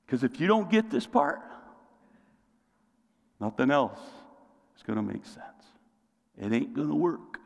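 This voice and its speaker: A man's voice: high voice, creaky, a bit bright. A man preaching a sermon as pastor, asking the congregation questions and calling for responses. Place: church sanctuary. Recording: long reverb of a large hall.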